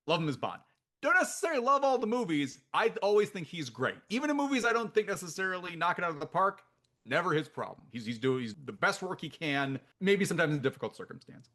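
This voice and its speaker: A man's voice: high voice, big pitch swings, fast, bright, forceful tone. A man co-hosting a movie podcast, chatting casually and self-deprecatingly, often laughing at his own remarks. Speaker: podcast co-host. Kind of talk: casual film podcast chat.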